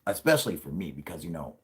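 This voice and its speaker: Deep husky man chatting on a livestream. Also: big pitch swings, fast talker. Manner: profane, rambling, laughs often. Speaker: livestream host. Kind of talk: casual late-night livestream chat.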